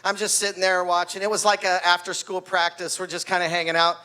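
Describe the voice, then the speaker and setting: Man in his sixties, stand-up comedy, animated storyteller, fairly high voice. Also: quick pace, smooth. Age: 60s. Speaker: wrestling coach doing stand-up. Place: party venue with live audience.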